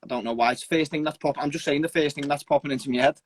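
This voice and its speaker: A young man, an amateur fighter, talking earnestly in a casual interview with halting restarts and casual swearing. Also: fairly high pitch, no room sound. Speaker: amateur MMA fighter, guest.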